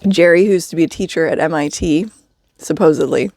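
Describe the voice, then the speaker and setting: A woman's voice: sits low, fairly quick, darkish tone, no echo, studio quality. A woman telling a story in a casual vlog, chatty, with wry asides and frequent laughs. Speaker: vlogger living in a vehicle.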